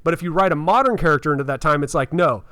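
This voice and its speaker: Casting: male podcast co-host, slightly high voice, dry close sound, earnest and agreeable. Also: lively intonation, bright, forceful tone, clear, resonant tone, no echo. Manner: earnest, quick to agree, acts out character lines. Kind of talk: casual podcast chat.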